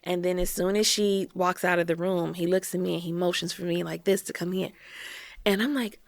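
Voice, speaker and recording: A woman's voice: lowish voice, fairly even intonation, brisk, gravelly, no room sound. A woman, a podcast guest, telling a personal story in a conversational way, often saying "like" and acting out other people's words. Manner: conversational, frequent "like", acts out quoted voices.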